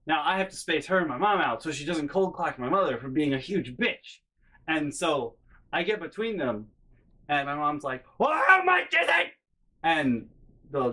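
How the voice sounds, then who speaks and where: Animated, bright-voiced male storyteller. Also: fairly high pitch. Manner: animated, profane, self-mocking. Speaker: vlogger. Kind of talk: comedic storytelling.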